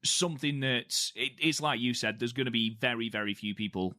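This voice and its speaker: A man's voice: medium pitch, fairly quick, bright, forceful tone. A man co-hosting a casual podcast chat, talking eagerly and repeating words for emphasis. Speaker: podcast co-host.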